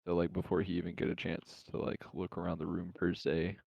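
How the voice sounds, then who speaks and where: Man, tabletop player, very deep voice, dull lo-fi mic, laid-back. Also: completely flat delivery, a little fast, gravelly, a little mellow, no echo. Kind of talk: casual tabletop game chat.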